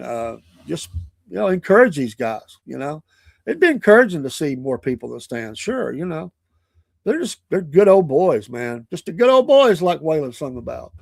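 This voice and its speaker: A man's voice: a little high, no room sound, studio quality. An older man hosting a morning show, chatting in a folksy, chuckling, rambling way. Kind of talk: casual podcast chat.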